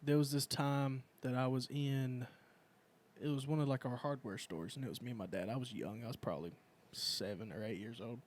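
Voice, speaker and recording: A young man hosting a casual chat, telling profane stories and shouting out quoted lines. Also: medium pitch, steady tone, brisk. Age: young adult. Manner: profane storytelling, loud acted quotes. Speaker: podcast host.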